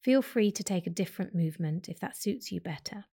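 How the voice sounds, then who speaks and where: A woman yoga teacher guides a breathing meditation in a soft, gentle voice. She gives calm, unhurried instructions, pausing between the steps. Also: lowish voice, creaky, slightly rough. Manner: slow, gentle guiding instructions.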